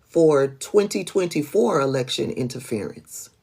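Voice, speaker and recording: A woman hosts a political livestream in a slow, unhurried way, speaking. She is blunt and profane and laughs often while talking to her viewers by name. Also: deep voice, expressive, gravelly, darkish tone, slightly rough. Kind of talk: casual livestream commentary.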